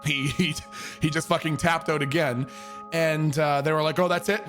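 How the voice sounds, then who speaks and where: A young man from Canada telling a story casually, profane and animated, with many fillers. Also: on the high side, normal speed, soft background music. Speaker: streamer.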